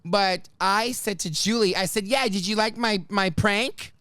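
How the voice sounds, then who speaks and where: A man's voice: sits high, unhurried, clean tone, no room sound, clean studio sound. A man hosting a podcast, telling a story in casual chat, acting out the voices and swearing freely. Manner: animated, swears freely, acts out quoted voices. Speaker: podcast host.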